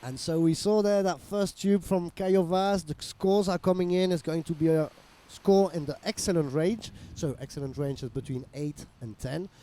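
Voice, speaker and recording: A man's voice: on the high side, normal speed, dark tone. A man commentating a live surf contest, explaining scores and reading out viewer messages. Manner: reads viewer messages, slips into Spanish and French.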